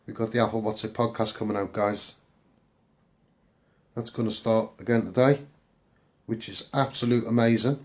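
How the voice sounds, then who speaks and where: A man's voice: lowish voice, fairly even intonation, normal speed, pauses often, darkish tone. A man with a Liverpool accent talking casually to viewers on a livestream, upbeat and rambling, repeating himself with lots of ums. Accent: Liverpool (Scouse). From England.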